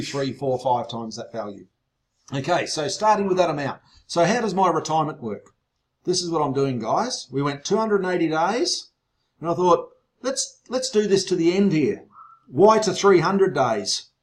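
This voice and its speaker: A man hosting an online sales webinar, excitable and teasing, his voice growing loud as he gets worked up. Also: on the high side. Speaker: webinar host.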